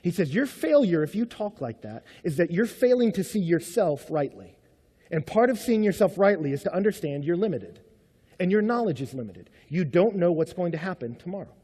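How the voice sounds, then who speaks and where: A male pastor preaches with a high, lively voice that swings up and down. His tone is a little husky, and the sound rings with the long reverb of a large church auditorium. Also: fairly quick. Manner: conversational, animated preaching with rhetorical questions. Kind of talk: sermon.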